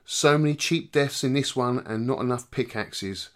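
A man's voice: medium pitch, moderate pace. A man co-hosting a casual arcade podcast, reading listener scores in a laid-back way. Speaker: podcast co-host.

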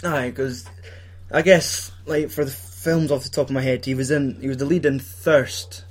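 A man's voice: mid-range voice, steady tone, moderate pace. A young Scottish man chatting casually about films, swearing and laughing often as he acts out scenes. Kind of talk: casual film chat.

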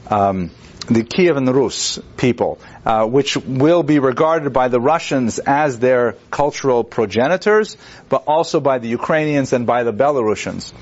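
A man lectures to a class in a loose, rambling way, full of fillers and restarts. He sits at an ordinary middle pitch and now and then acts out quoted figures with wry humor. The recording is dull and lo-fi, as if taped in a classroom. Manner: digressive, conversational, with many fillers and restarts. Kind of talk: university lecture.

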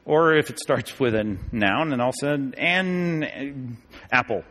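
A man's voice: mid-range voice, lively intonation, slow pace, fairly bright tone. A pastor teaching a Bible study class in a casual, conversational way, often checking in with his listeners with "okay?" and "right?". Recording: long reverb of a large hall.

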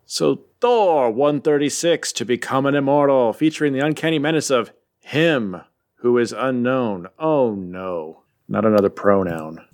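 A man's voice: mid-range voice, measured pace, a little mellow. A man co-hosting a podcast, casually recapping a comic with jokes and rambling asides. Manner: joking, rambling. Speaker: podcast co-host.

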